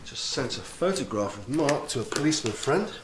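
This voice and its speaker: An actor playing a steady male doctor. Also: medium pitch, brisk, heavy background noise, natural voice. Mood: calm. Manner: calm and reassuring, turning urgent. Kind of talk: TV drama acting.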